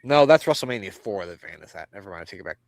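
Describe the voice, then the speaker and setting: A man's voice: on the low side, animated, rapid-fire, vocal fry, no room sound. A man co-hosting a wrestling podcast in casual chat, loose and profane, laughing often. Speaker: podcast co-host.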